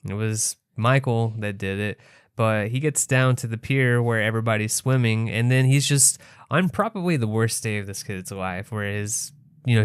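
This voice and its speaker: Male podcast co-host, low and smooth, casual and profane, dry close-mic sound. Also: dry recording. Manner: laid-back, swears freely, exasperated asides. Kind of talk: casual chat recapping a movie.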